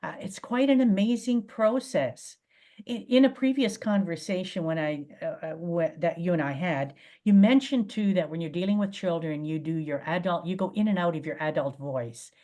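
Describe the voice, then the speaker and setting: A woman's voice: fairly low pitch, normal speed, dark tone. A woman interviewer asking engaged, conversational questions.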